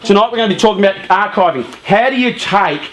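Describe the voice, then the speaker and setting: Man, youth leader, casual live-streamed talk, lively, lots of fillers, fairly high pitch. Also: fast talker. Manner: lively and chatty, often saying "you know" and "um".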